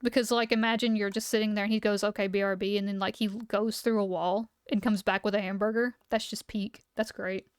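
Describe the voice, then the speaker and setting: A woman's voice: medium pitch, level tone, brisk, few pauses, clean tone, dry recording, clean studio sound. A young woman streamer reading aloud and chatting casually, her voice a bit worn as she is losing it. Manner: chatty, reads aloud then reacts.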